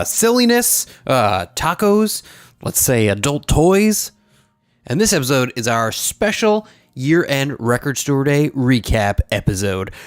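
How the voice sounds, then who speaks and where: Male podcast host, upbeat promo reader with quick jokey asides, light music under him. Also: mid-range voice, no room sound. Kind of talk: casual podcast banter and ad reads.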